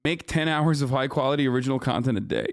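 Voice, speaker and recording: A man's voice: mid-range voice, no room sound. A man in his thirties doing live-stream reaction commentary, ranting at his chat in a profane, combative way on a close streaming mic.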